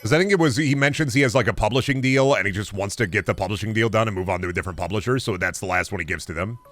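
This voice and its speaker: A man's voice: lowish voice, very fast, dry recording, soft background music. A young man streaming a game, chatting casually and ranting with plenty of swearing. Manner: animated, profane ranting. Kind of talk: casual chat while gaming.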